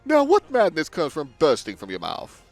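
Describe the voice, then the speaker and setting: A grandiose male millionaire sailor from a video game, haughty and theatrical, put on by a man reading the dialogue aloud. His fairly high voice leaps and dives all over the place. Faint game music sits behind him. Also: wildly swooping pitch, normal speed, darkish tone, dry recording. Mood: haughty scoffing. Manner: theatrical, haughty, with wild swings in delivery.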